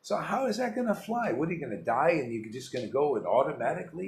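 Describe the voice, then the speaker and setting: A man's voice: a little high, sing-song, fast talker, few pauses. Man, spiritual teacher, informal devotional talk, emphatic, rambling, rhetorical questions, faint background hum. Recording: roomy echo with faint ambience.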